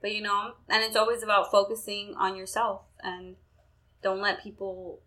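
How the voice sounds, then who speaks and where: A woman's voice: medium pitch, level tone, normal speed, a bit bright, poor audio. A young woman in casual, candid chat who swears freely and acts out quoted conversations.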